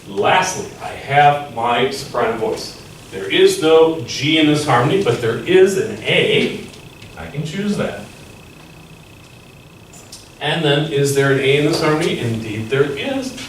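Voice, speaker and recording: A man's voice: on the high side, sing-song, a little hiss or hum. Man teaching music theory in an echoey room. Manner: measured, explanatory, pauses to think aloud. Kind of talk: instructional lesson with piano demonstrations. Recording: roomy echo, far from the mic, piano playing. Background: piano.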